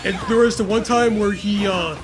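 High-voiced young man telling a rambling story. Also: fairly even intonation. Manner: rambling, halting storytelling with crude jokes and laughter. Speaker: gaming co-host. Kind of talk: casual chat over gameplay. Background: game music.

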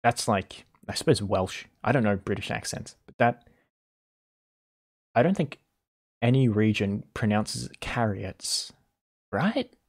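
A man's voice: lowish voice, expressive, a little slow, gravelly, pauses often, darkish tone, slightly rough. A man streaming live, reacting to videos with incredulous, swearing, laughing commentary.

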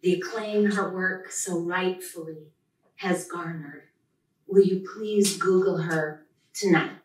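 A woman's voice: fairly low pitch, fairly even intonation, takes it slowly, darkish tone. A woman professor giving an enthusiastic, heartfelt introduction at a live poetry reading. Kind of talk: live event introduction speech. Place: lecture room at a reading. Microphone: podium mic. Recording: echoey hall, distant mic.

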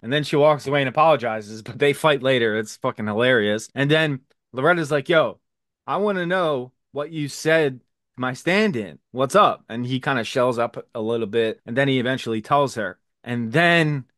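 Excited man retelling episode, dry sound. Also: medium pitch, moderate pace, dry recording. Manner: excited retelling, swears, acts out lines. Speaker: recap podcast co-host. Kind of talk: casual recap chat.

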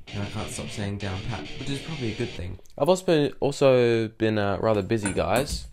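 A man's voice: medium pitch, expressive, brisk, few pauses, music in the background. A man vlogging in a rambling, jokey way, going off on tangents. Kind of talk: rambling casual vlog.

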